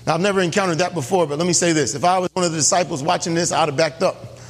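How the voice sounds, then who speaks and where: A man with a high, husky voice delivers an emphatic sermon, often checking in with his listeners. His words ring out with the long reverb of a church hall. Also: fairly even intonation, very fast. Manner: emphatic, keeps asking the congregation questions. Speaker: pastor.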